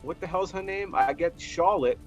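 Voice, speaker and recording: A man chatting casually with friends, loud and slangy, swearing freely. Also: high-pitched, moderate pace, faint music behind. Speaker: tabletop game player. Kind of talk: casual group chat.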